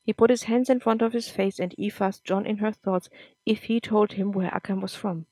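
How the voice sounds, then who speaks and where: A woman reading a serialized story aloud for her podcast in a steady, plain manner. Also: mid-range voice, moderate pace, dry recording. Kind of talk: scripted story narration.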